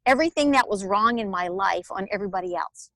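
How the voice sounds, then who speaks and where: A woman, telling her personal story as an interview guest in a candid, animated way. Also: mid-range voice, fast talker, dry recording. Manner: candid, animated storytelling with laughs and acted-out quotes. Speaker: guest, author and alternative healer.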